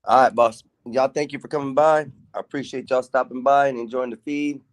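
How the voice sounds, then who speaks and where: A man's voice: medium pitch, fairly even intonation, fairly quick, no room sound. A man calling in to a casual stream from outside behind his house, easygoing and polite. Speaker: caller and fellow streamer. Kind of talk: casual call-in chat.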